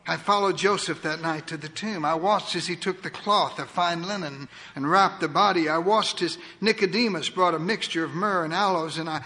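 A man delivers a theatrical sermon, telling it in the first person as a witness. His voice sits high and sounds bright and forceful, dropping to a near whisper and then rising to a boom. The sound carries the long reverb of a large hall. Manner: theatrical, swings from booming to hushed. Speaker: preacher.

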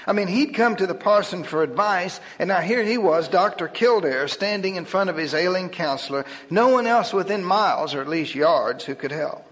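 A man reading a humorous story aloud in a wry, lively storytelling manner. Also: high voice, moderate pace, hardly any pauses. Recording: long hall reverb.

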